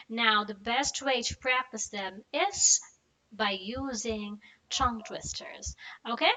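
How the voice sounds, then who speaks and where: A young woman teaching a pronunciation lesson, drilling phrases and tongue twisters slowly with many "okay"s. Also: on the high side, sharp tone, rough recording. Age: young adult. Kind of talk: online lesson.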